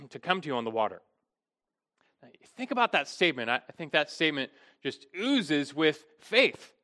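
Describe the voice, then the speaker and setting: A middle-aged man preaching with an earnest, emphatic delivery and a slightly raised pitch. His voice swings widely and rings with a bright, forceful edge. He restarts phrases often as he presses his points. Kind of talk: expository sermon.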